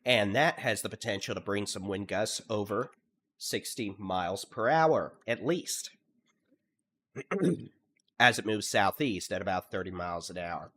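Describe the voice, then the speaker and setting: A middle-aged Texan man giving live severe weather updates, listing towns and hail timings in a steady, at times monotone briefing while congested from allergies. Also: lowish voice, unhurried. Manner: steady briefing cadence, lists place names, at times monotone. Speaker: storm chaser and severe weather streamer. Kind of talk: live weather coverage commentary.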